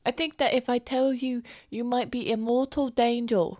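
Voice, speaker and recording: A woman voicing an eager, scheming young boy in whispered role-play, speaking in a hushed, earnest whisper. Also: fairly high pitch, fairly even intonation, moderate pace, no echo, clean studio sound, pitched above the performer's own voice, close to an everyday voice. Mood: hushed excitement.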